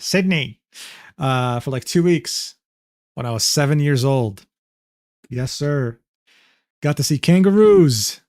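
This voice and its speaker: A man's voice: medium pitch, darkish tone, no room sound, clean studio sound. A man in his twenties doing casual reaction-stream commentary, talking loosely with lots of swearing and "bro" asides. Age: 20s.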